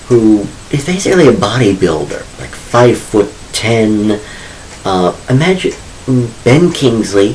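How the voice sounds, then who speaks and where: A man's voice: on the low side, a little hiss or hum, low-quality recording. A man casually talking about his own book in a vlog, chatty and opinionated with wry asides. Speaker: author vlogger.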